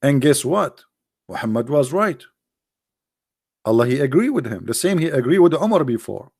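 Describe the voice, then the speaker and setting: A man's voice: mid-range voice, big pitch swings, normal speed, creaky, a little mellow, husky. A man giving sarcastic polemical commentary, firing rhetorical questions in English. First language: Arabic. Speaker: religious critic.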